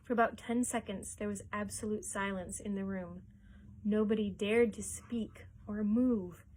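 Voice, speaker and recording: A woman reading a chapter book aloud for a library story time, expressive and lively, chuckling along. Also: mid-range voice, unhurried, a little hiss or hum.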